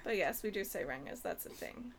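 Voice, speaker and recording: A woman's voice: mid-range voice, lively intonation, brisk. A young Australian woman, an actor, chatting casually and giggling often while playing with accents. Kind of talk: casual chat.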